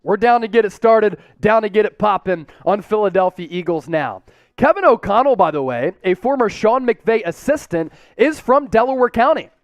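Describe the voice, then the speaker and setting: A man hosting a fan watch-party stream, calling plays and reading out chat shout-outs with hyped cheers. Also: sits high, lively intonation, moderate pace, no room sound.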